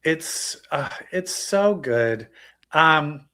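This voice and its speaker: A man with a somewhat high voice co-hosts a podcast, talking in a loose, excited way. He gushes and swears freely as he recaps. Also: extremely slow. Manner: excited, profane, gushing. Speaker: podcast co-host. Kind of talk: casual chat.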